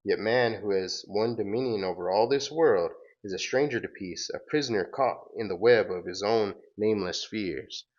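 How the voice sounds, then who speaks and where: A man reading a sad noble cosmic wanderer, solemn old-fashioned lines, low voice, lo-fi sound. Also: moderate pace, few pauses, close to an everyday voice. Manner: solemn archaic speech, read aloud. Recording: dull lo-fi recording.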